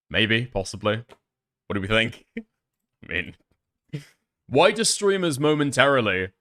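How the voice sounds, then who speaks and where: A man with a bright, forceful voice talks over clips on his live stream. He swears freely and comes across as sardonic and exasperated. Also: mid-range voice. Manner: profane, exasperated, sardonic outbursts. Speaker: streamer reacting to videos. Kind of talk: live-stream reaction commentary.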